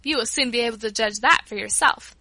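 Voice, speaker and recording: A woman's voice: on the high side, fairly quick, pushed and bright, dry recording. A woman reading the lines of a fussy, devoted old servant woman who scolds and exclaims, in a storybook reading. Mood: scolding.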